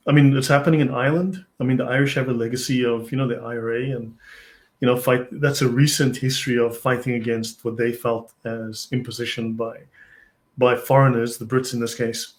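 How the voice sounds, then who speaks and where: A man hosting a relaxed discussion in a middle-pitched, unremarkable voice. He talks in a loose, rambling way, with plenty of "I mean" and restarts as he works out his point. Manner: rambling, hedges often with "I mean". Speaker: host. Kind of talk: casual conversational discussion.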